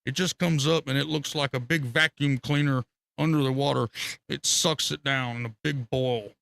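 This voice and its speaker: Guy rambling thru fishing stories on stream, cussing a lot, gravelly bright voice, dry close mic. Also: medium pitch, normal speed, no echo. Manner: rambling, profane, animated storytelling with laughter. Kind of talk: casual storytelling on a live stream.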